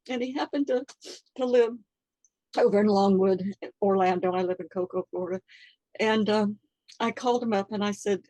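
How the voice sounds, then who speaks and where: An older woman telling a personal story in an interview, halting and earnest, with many fillers, close to tears. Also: mid-range voice, warm tone, no echo, low-quality recording. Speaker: interview guest.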